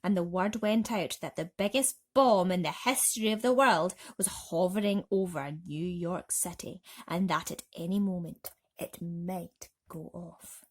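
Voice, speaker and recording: Lady reading a bedtime story, slow, soft and soothing. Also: on the low side. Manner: gentle, soothing.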